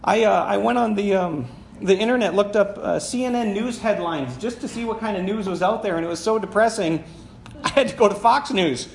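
A man's voice: high-pitched, brisk, vocal fry. A man preaching a sermon as a conversational personal story, with many fillers and laughing at himself. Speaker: pastor. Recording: echoey room with faint background noise.

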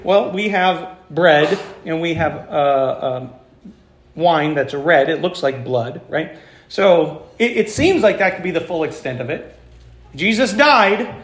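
Higher-voiced pastor in an echoey church. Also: male voice, a bit bright. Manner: conversational, with fillers and restarts. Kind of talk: sermon.

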